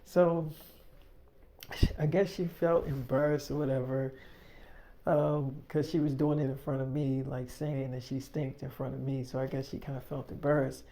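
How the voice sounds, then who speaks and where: A man's voice: mid-range voice, little pitch movement, normal speed, mellow. A young man telling a story casually, rambling with lots of fillers and swearing.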